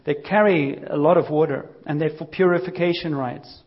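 A man's voice: a little high, fairly even intonation, moderate pace, breathy edge, dull audio. A man preaching a sermon, telling a Bible story in a conversational way and acting out the quotes.

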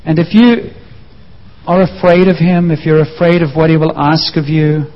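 A man's voice: a little high, steady tone, normal speed. A man preaching a sermon, sharing his own story in an earnest, personal way. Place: church. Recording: muffled echoing church hall.

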